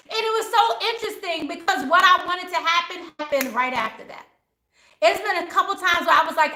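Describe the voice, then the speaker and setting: Woman, high-pitched, passionate, preachy, casual live-stream talk, echoey room. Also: a little fast, sharp tone. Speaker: spiritual reader hosting a live chat.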